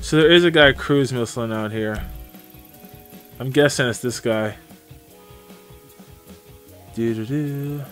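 A man's voice: mid-range voice, moderate pace, long pauses, a bit bright, faint music behind. A man streaming a game live, chatting casually and greeting viewers by name as he plays. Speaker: gaming streamer. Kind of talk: live gameplay commentary.

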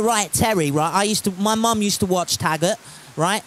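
A man's voice: sits high, normal speed, slight background noise. A man chatting casually while streaming a game from home, reading chat aloud and swearing freely.

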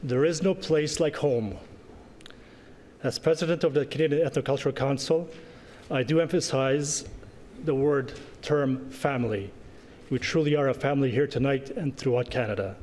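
A man presenting an award at a gala, speaking earnestly with pauses and small asides. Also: mid-range voice, darkish tone. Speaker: award presenter, organization president. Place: large banquet hall. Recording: echoey banquet hall with faint noise.

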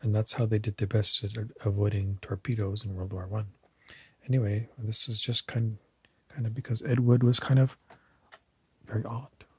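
A man's voice: fairly low pitch, level tone, normal speed, darkish tone, dry recording. A man telling meandering, digressive stories in a casual monologue to camera. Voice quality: husky.

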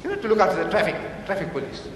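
A man's voice: high-pitched, very animated, rapid-fire, far from the mic, slight background noise. An older man giving an emphatic public debate speech, quoting and mocking his opponent. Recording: echoey hall recorded from afar.

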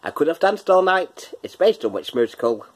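Chatty man with a husky voice. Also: fairly high pitch, very animated, normal speed. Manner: chatty, laughs often, breaks into snatches of song. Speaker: quiz host. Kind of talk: casual quiz vlog. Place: home kitchen.

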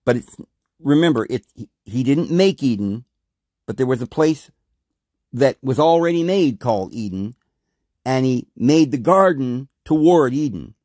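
A man's voice: medium pitch, measured pace, no room sound. Man, podcast host, scripture reading with commentary, rhetorical, dry sound. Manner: animated, rhetorical questioning.

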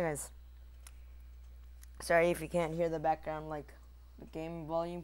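Casting: goofy guy gamer, slow easygoing delivery, self-mocking commentary, mouths shooting noises. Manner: goofy, mouths shooting sound effects in squeaky bursts; rambling, self-mocking asides to viewers. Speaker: gamer recording his own match. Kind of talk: casual gameplay commentary.

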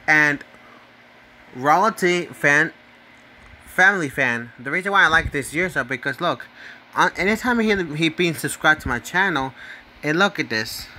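A man's voice: on the high side, bright, forceful tone. A man hosting his own channel, casually talking through a ranking of his favorite users. He rambles, repeats himself, keeps asking "right?" and trips over names before correcting himself. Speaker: channel host.

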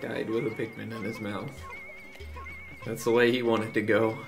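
A man's voice: on the low side, level tone, moderate pace, gravelly, music in the background. A man casually co-hosting a video game let's play, joking and laughing often and putting on silly voices for the characters. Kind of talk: casual gaming commentary.

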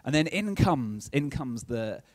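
A man's voice: mid-range voice, sing-song, measured pace, dry recording. A man preaching a chatty, playful sermon and keeping in touch with his congregation. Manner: chatty and playful, keeps checking in with the audience.

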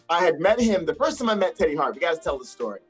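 A man, a wrestler, telling stories in a casual interview over a video call, acting out quotes with big jumps in pitch. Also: big pitch swings, fast talker, breathy edge, faint music behind. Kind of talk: casual storytelling.

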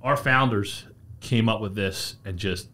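A man's voice: lowish voice, unhurried, pushed and bright. Man telling a rambling anecdote. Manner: storytelling, repeats words, chuckles at his own stories. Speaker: brand representative guest.

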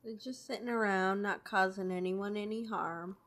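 Soft-spoken woman co-commentating a game. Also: medium pitch, steady tone, moderate pace. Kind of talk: casual gameplay commentary.

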